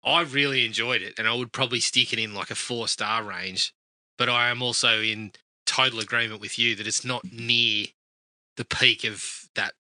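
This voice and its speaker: Laid-back man, bright dry voice. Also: medium pitch, steady tone, normal speed, no room sound. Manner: laid-back, swears freely, drawling. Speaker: podcast co-host. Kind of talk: casual chat.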